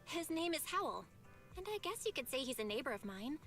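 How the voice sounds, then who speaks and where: A woman's voice: high-pitched, big pitch swings, brisk, a bit bright, soft background music, exaggerated voice. An actress voicing a curious, friendly young woman in a game. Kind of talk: game voice acting.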